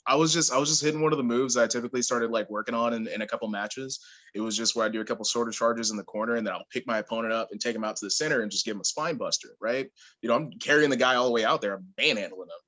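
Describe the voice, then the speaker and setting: A young man, a pro wrestler, chatting as an interview guest, telling animated stories and laughing often. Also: medium pitch, rapid-fire. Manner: animated storyteller, laughs often, acts out quotes. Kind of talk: casual interview chat.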